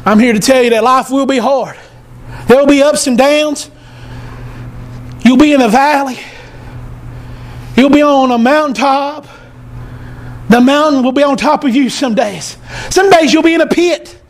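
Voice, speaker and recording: A male pastor preaching an impassioned church sermon, shifting from storytelling into shouted proclamation in a colloquial manner. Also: extremely high pitch, a little slow, long pauses. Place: church service.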